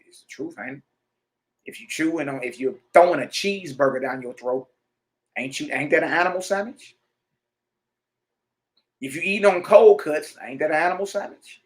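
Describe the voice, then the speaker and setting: Pitched on the high side, this man talks a bit fast but leaves long pauses. He's giving a religious lesson, reading passages out and commenting, in a forceful, chatty preaching manner with call-outs to those listening.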